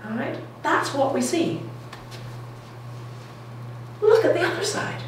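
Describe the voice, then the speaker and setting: A woman's voice: high-pitched, very animated, slow. A middle-aged woman giving a public science lecture, enthusiastic and often checking in with her audience. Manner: enthusiastic, keeps checking in with "okay?" and "all right?". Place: lecture room. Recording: echoey room, distant mic, faint noise.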